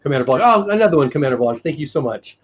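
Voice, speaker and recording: A man co-hosting a live online show, chatting casually and thanking viewers by name, his voice going hoarse. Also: on the high side, lively intonation, rapid-fire. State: losing his voice. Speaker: livestream co-host. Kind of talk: casual live-stream chat. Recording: dull lo-fi stream audio.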